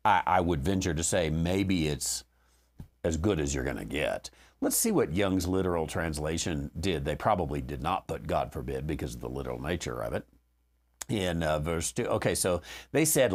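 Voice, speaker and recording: A man hosting a theology question show, working through scripture and thinking aloud as he explains. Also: low-pitched. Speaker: host answering theology questions. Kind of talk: unscripted Bible teaching.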